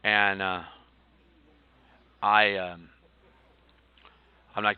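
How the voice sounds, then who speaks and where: A man streaming, telling a story in a rambling, halting way with lots of swearing while he plays a game. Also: on the low side, big pitch swings, clear, resonant tone, no room sound, narrow, tinny audio. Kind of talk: casual storytelling while gaming.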